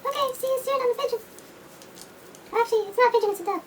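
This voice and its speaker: A woman voicing a timid male cat patient who stammers in a very high voice. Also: rapid-fire, slight background noise. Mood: meek. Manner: hesitant, stammering.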